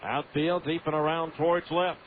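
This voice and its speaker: A male radio announcer calling baseball in a steady, stat-heavy play-by-play, in a fairly high voice. The broadcast sounds tinny and phone-like, with a faint hiss under it. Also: normal speed.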